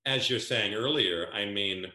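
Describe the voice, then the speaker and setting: A man from New Jersey, a guest telling stories in an animated way and acting out dialogue. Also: lowish voice, unhurried, echoey room. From New Jersey, USA. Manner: lively storyteller who acts out quoted dialogue. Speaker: guest, events planner. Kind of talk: animated storytelling.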